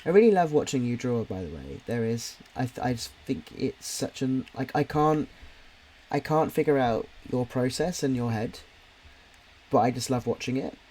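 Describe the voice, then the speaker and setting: A man's voice: mid-range voice, expressive, normal speed, a little mellow. A man with a slight Cockney accent from near London, chatting casually on a live drawing stream, rambling with lots of fillers and restarts. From near London, England. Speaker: stream co-host and podcast writer.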